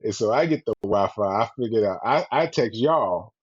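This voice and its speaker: Podcast co-host, man with a low husky voice, lively and profane. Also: normal speed. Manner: animated, profane, laughing storyteller. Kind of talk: casual storytelling. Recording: dull lo-fi podcast audio.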